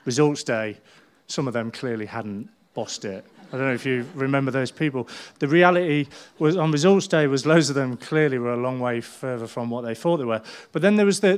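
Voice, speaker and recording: Animated man telling a story. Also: mid-range voice, a little fast. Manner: animated storytelling, acting out people's voices. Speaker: pastor. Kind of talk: sermon.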